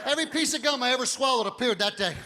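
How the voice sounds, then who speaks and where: High-voiced, animated man doing stand-up. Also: very fast, noisy background. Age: 50s. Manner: big animated storytelling, drops to quiet voices for quoted doctor. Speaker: stand-up comedian. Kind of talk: stand-up comedy set. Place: comedy stage. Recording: live hall with audience laughter.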